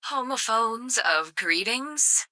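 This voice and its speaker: A woman's voice: fairly high pitch, expressive, slow pace, sharp tone, dry recording. A woman live-streaming casual commentary, sarcastic and swearing freely with mock outrage.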